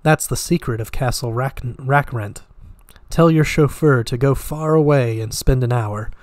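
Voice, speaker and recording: A man reading aloud, giving a coy young woman's lines with a lifted pitch. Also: measured pace, darkish tone, dry recording, clean studio sound, close to an everyday voice. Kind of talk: audiobook reading.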